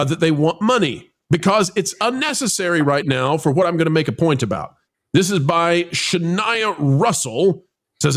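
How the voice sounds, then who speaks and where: Animated man hosting a news podcast. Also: sits high. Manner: animated, jokey, reads headlines aloud. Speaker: podcast host. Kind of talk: casual news commentary.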